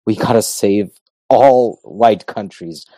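A man's voice: fairly low pitch, slow, mellow, no room sound. A man from Macedonia, a guest in a casual talk, making emphatic points in repeated lists. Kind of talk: casual podcast conversation.

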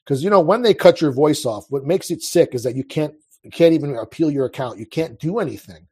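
A man's voice: fairly high pitch, lively intonation, brisk, mellow, breathy edge. A man in his thirties telling his life story as an interview guest, in a casual, rambling way full of restarts. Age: 30s. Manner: rambling, restarts, frequent fillers.

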